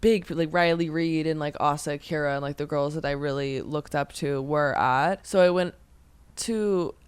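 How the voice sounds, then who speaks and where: A woman's voice: sits low, moderate pace, clear, resonant tone, no room sound. A woman in her twenties from Pennsylvania, chatting as a podcast guest in a rambling way full of "like". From Pennsylvania, USA. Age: 20s. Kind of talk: casual podcast chat.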